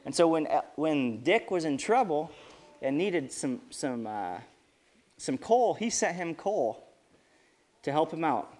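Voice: mid-range voice, takes it slowly. A speaker leading a children's sermon in a church service, telling a story and asking the kids questions. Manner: lively, asks the kids questions.

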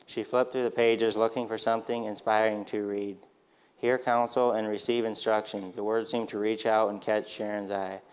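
Male storyteller, low even voice, smooth tone, gentle steady reading. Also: moderate pace, hardly any pauses.

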